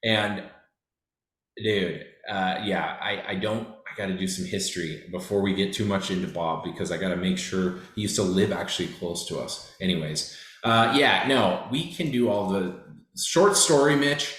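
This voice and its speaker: Guy in his 30s rambling on a podcast, deep-ish voice, roomy echo. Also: a little slow, a bit bright. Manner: rambling, joking, lots of fillers. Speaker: podcast co-host. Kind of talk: casual chat.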